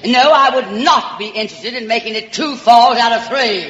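Heard over a noisy background, a comedy host with a voice on the high side keeps a moderate pace through her radio comic monologue. Her Southern American accent comes out in a theatrical drawl, she coyly calls everyone darling, and the old broadcast sounds dull and reverberant, as if in a hall.

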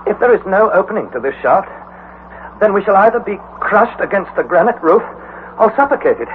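An actor playing an anxious, excitable young man who also narrates the story, in an old radio drama with a tinny sound. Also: high voice, a little fast. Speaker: Harry, nephew and narrator. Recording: tinny lo-fi old radio recording with faint hiss.

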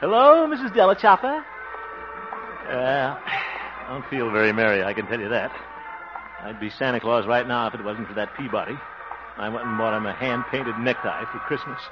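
A man's voice: mid-range voice, lively intonation, moderate pace, music in the background, lightly acted. An actor playing a vain, blustering small-town man who sputters and grumbles when he is crossed, in 1940s radio acting. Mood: grumbling. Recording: muffled old radio recording with hiss.

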